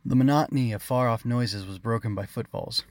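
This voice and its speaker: A man, the author, narrating his own story in a steady, measured audiobook reading. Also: medium pitch.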